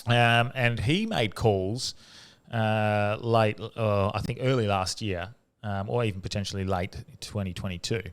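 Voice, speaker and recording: A low-voiced Australian man hosts a podcast. He talks casually and haltingly, stopping to restart his sentences and filling the gaps with ums and uhs. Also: clear, resonant tone. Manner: halting, full of fillers and restarts, laughs often. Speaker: podcast host. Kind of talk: casual chat.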